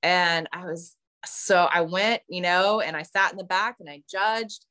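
Woman, kinda low voice, telling her recovery story real candid, does little voices for people. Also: fairly even intonation, measured pace, bright, forceful tone. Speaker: podcast guest.

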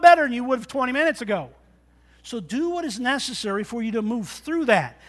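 Animated high-voiced preacher, loud then soft. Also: male voice, fairly quick. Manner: animated, joking preacher who swings between loud and soft. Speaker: pastor. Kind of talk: sermon. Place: church sanctuary.

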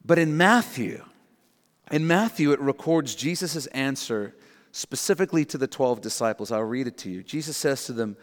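Brief: male pastor, mid pitch, earnest sermon delivery, long reverb of a church hall. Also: lively intonation, moderate pace. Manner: earnest, emphatic, repeats key lines.

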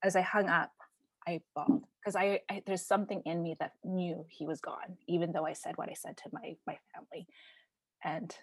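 A woman's voice: fairly low pitch, normal speed, husky, no room sound. Woman from canada talking through her story, lots of um and like, dry close sound. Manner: animated, emphatic, with frequent fillers and laughs. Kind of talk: conversational personal storytelling.

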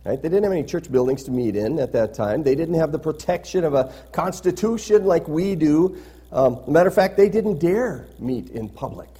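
A man's voice: on the high side, lively intonation, a little fast, mellow, slightly rough. A man preaching a sermon as pastor, reading scripture aloud with rising emphasis and adding conversational asides that end in "right?".

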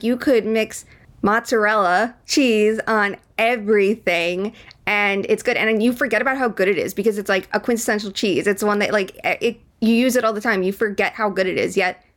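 A woman's voice: mid-range voice, normal speed. A woman co-hosting a casual hockey podcast, chatty and giggly, talking with lots of fillers. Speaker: podcast co-host.

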